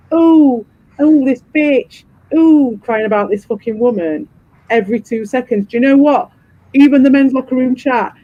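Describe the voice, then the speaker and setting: A man's voice: high voice, dry recording. A man hosting a livestream, ranting sarcastically and swearing a lot, mocking people in put-on voices. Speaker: livestream host. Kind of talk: heated livestream rant. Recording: dull lo-fi stream audio.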